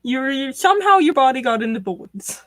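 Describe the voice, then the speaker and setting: A woman's voice: high-pitched, normal speed, no room sound. A woman as a stream guest, chatting casually and telling morbid stories with dry humor. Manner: storytelling, morbid deadpan humor.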